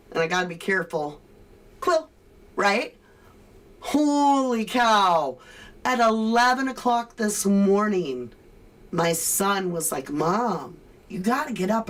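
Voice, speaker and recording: A woman's voice: lowish voice, a bit bright. A woman hosting a livestream, reading viewer comments and ranting sarcastically. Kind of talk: casual chat.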